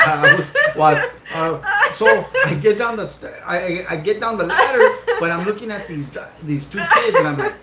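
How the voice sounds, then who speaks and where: Animated man telling a laughing story. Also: high voice, moderate pace, few pauses. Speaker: vlog co-host. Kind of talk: casual storytelling. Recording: echoey room with loud noise.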